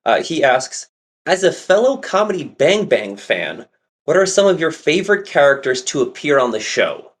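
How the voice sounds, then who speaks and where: A man's voice: on the high side, sing-song, moderate pace. A man co-hosting a casual podcast who rambles through a story with lots of "um" and "like.". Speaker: podcast co-host. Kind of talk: casual chat.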